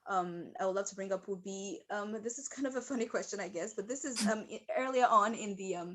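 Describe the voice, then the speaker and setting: A woman's voice: medium pitch, brisk, a crowd in the background. A woman interviewing a guest in casual talk over a video call, with many fillers and restarts. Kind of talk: casual conversation.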